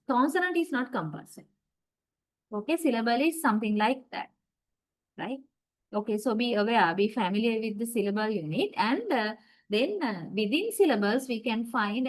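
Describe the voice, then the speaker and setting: A woman's voice: a little high, rough recording. A woman giving an online university lecture, explaining step by step and often checking with "right?".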